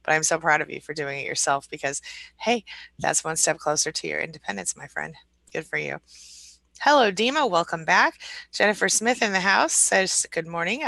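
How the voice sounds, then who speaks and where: A woman's voice: sits low, gravelly, dry recording, low-quality recording. A woman hosting a live support stream, chatting casually and greeting viewers by name in an upbeat, friendly way. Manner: upbeat, warm greetings to viewers, light laughs. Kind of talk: casual live-stream chat, reading comments.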